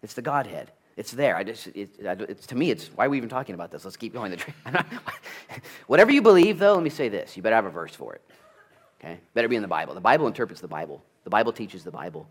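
A male pastor preaching a sermon in an animated, conversational way, with jokes, asides and sudden loud bursts. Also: on the low side, quick pace, husky. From United States.

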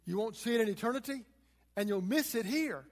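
A man's voice: very high voice, animated, a little fast, long reverb tail. A man preaching a sermon, walking through scripture verse by verse and retelling it in plain, everyday words.

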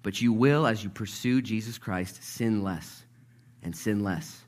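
A man preaching a sermon, telling the story with energy, dropping to a hush and then rising loud, and acting out the people in it. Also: lowish voice, measured pace. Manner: lively storytelling, acts out voices, swings between hushed and loud. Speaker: pastor.

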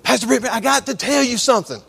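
A male preacher voicing an excited teenage girl who eagerly repeats herself as she tells her story. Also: high-pitched, voice pushed up. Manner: rapid, eager repetition.

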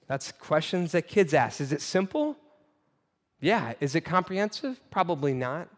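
A man in his thirties preaching, telling a family story in a conversational, animated way with halting restarts. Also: mid-range voice. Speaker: pastor. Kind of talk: sermon storytelling. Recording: long reverb of a large hall.

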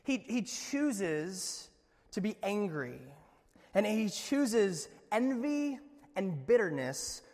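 A high-pitched male pastor giving a sermon, breezy and conversational, tossing in jokes and quick asides. His voice rings out with a long hall reverb around it.

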